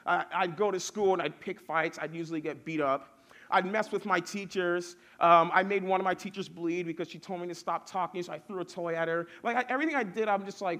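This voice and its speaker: Young male preacher, casual youth-sermon delivery, slightly higher voice, builds emphatic lists. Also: fairly quick, a bit bright. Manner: casual, storytelling, builds lists with rising force.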